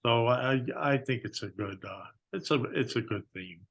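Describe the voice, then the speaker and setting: A man's voice: mid-range voice, normal speed, vocal fry, a bit bright. An older man co-hosting a podcast, talking in a casual, hesitant way with many restarts. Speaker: podcast co-host. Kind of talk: casual chat.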